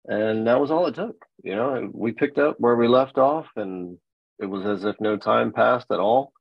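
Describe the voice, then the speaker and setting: A man's voice: mid-range voice, normal speed, creaky, slightly rough, no room sound. A man, a military veteran and guest, talking candidly in a frank, reflective and profane way. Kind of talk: candid conversation. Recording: dull, dry lo-fi sound.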